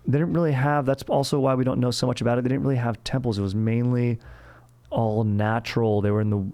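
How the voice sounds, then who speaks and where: Hosting a comedy history show, this young man rambles with slang and profanity, addressing everyone as dude or bro. He has a mid-range, mellow voice with a level tone and a quick pace.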